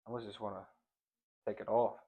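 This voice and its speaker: A man's voice: on the low side, little pitch movement, fast talker, husky, narrow, tinny audio. Playful slangy man seasoning ribs. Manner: playful, slangy, teasing, croons pet names. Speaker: cooking vlogger. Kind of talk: casual cooking demonstration.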